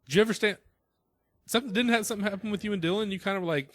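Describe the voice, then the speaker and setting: A man co-hosting a podcast in casual chat, low-key and agreeable, mostly backing up the host. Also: very fast, dry recording.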